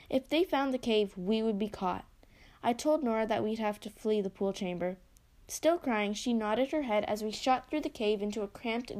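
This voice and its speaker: Woman storyteller, expressive first-person read-aloud, slightly high pitch.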